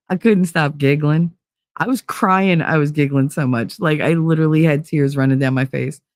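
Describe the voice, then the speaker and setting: Animated woman host, dry close sound. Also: deep voice, normal speed, no room sound. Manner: animated, swears freely, acts out quotes. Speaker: stream host. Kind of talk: casual storytelling monologue.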